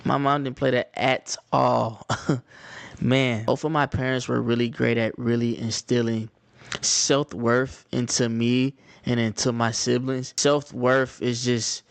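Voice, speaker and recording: A man's voice: medium pitch, little pitch movement, slow, gravelly, dry recording. A young man from Atlanta with a Southern Atlanta accent, telling stories casually to his viewers, repeating phrases and slipping into slang. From Atlanta, Georgia, US. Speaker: vlogger. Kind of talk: casual storytelling to camera.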